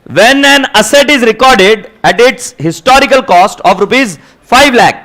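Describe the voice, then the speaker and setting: A middle-aged Indian man teaches an accounting class in a high, lively voice. He speaks Indian English, drops into Hindi now and then, and keeps asking the students whether they follow. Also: a little slow. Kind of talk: classroom lecture.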